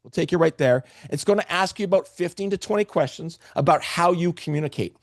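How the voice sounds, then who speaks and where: A man's voice: a little high, brisk, no room sound, studio quality. A man presenting a live webinar, talking to the chat with energy and restarting phrases often.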